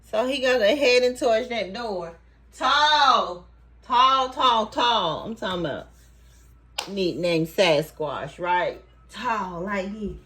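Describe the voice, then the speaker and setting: A woman's voice: a little high, lively intonation, takes it slowly, bright, forceful tone. A woman vlogger telling a story straight to her viewers in casual, profane talk. She laughs often and acts out quoted lines with rising, emphatic repeats.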